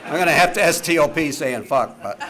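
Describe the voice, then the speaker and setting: An older man in his seventies, fairly high-voiced for a man, tells jokes and stories to a meeting in a loose wisecracking way and swears freely. Faint noise sits under the archive recording. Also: animated, brisk, a crowd in the background. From Connecticut, USA. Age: 70s. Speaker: recovery meeting speaker. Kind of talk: storytelling talk with jokes.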